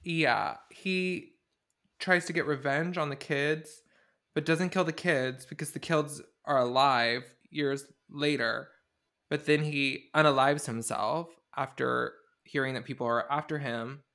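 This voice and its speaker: Bright-voiced, sarcastic male podcast host. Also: on the high side, measured pace. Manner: animated, sarcastic storytelling. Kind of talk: casual comedic chat.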